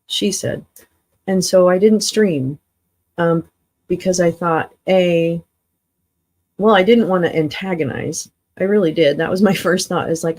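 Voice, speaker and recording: Woman, livestream host, casual chat, rambling, tired, slightly low pitch. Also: measured pace, a little mellow. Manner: rambling, swears, laughs often.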